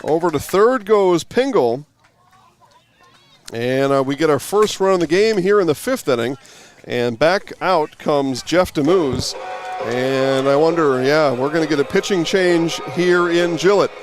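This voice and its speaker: A man calling baseball play-by-play outdoors, rising with excitement on big plays. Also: fairly high pitch, measured pace, music in the background. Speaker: play-by-play announcer.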